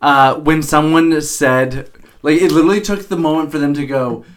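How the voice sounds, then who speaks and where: A man's voice: a little high, moderate pace. A man co-hosting a podcast, making sarcastic jokes about a film and filling his talk with likes. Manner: joking, sarcastic, heavy use of like. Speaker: podcast co-host. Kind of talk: casual chat recapping a film.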